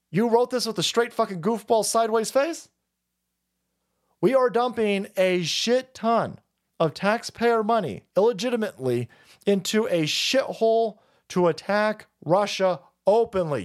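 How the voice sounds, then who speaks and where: A middle-aged man rants on a live stream, swearing often and getting angrier as he goes. His voice sits fairly high and swings widely in pitch, rising and falling as he talks. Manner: profane, ranting, angry. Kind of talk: political rant stream.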